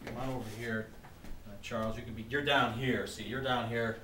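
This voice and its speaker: A man's voice: medium pitch, little pitch movement, a little fast, echoey room, noisy background. A man in a comedy sketch therapy group, hesitant and stammering as he tells a self-pitying story.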